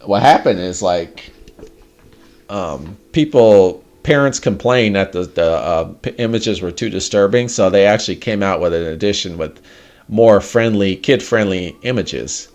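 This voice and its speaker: A man hosting a casual livestream chat, animated, laughing often and swearing casually. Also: fairly low pitch, measured pace. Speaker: livestream host.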